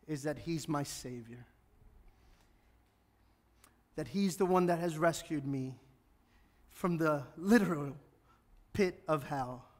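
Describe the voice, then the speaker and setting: A male American pastor preaches in a church, mixing humor with passionate emphasis. His voice sits fairly high and he speaks slowly. A long hall reverb trails behind every phrase. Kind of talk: sermon. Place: church sanctuary.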